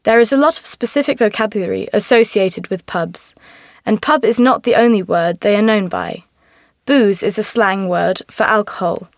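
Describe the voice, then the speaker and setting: A woman presents an educational radio segment in a clear, measured voice. Her pitch sits in a middle range. The studio sound is close and dry. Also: no room sound. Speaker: host.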